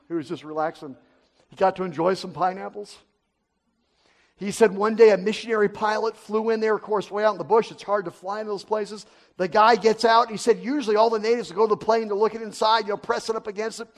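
A man preaching a sermon as an animated storyteller, swinging between loud and hushed. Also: sits high.

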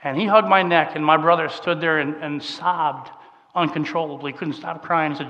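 A middle-aged man, preaching a sermon through a conversational personal story that swings from soft and emotional to emphatic. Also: a little high, steady tone, normal speed, muffled recording. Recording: long hall reverb.

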